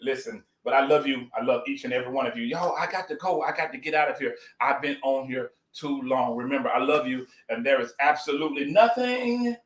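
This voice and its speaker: A man's voice: mid-range voice, steady tone, fast, hardly any pauses, fairly bright tone, roomy sound, low-quality recording. A man hosting a casual live cooking stream, folksy and effusive, greeting his viewers by name.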